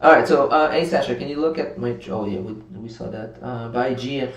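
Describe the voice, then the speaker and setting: A man's voice: mid-range voice, brisk, hardly any pauses. Man streaming from a roomy distance. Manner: reads viewer chat aloud and reacts, gets worked up. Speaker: livestream trading host. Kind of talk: casual live-stream commentary. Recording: roomy sound from a distant mic.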